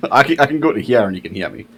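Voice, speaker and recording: A man's voice: mid-range voice, very animated, quick pace, a bit bright, slight background noise. A man playing a tabletop game, laid-back and chuckling. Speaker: player. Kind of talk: casual tabletop play.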